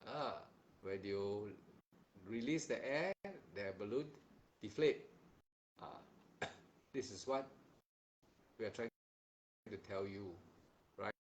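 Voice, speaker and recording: A man's voice: on the low side, slow, long pauses, slight background noise, poor audio. A man teaching meditation and giving a dharma talk. He is stern and admonishing, repeats himself, and keeps asking "huh?" as a tag question. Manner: repeats phrases and restarts sentences in plain, simple wording.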